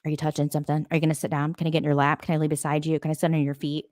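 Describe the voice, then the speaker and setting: A woman's voice: flat delivery, rapid-fire, darkish tone, dry recording, clean studio sound, close to an everyday voice. A woman voicing a clingy, demanding house cat that pesters with questions. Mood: pestering. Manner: low, needy, pestering questions.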